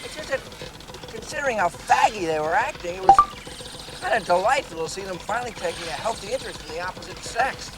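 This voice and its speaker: An actor playing a whiny, smug, cowardly chauvinist jungle guide in a comedy film, with music in the soundtrack. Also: male voice, high voice, very animated, quick pace, very noisy. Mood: teasing.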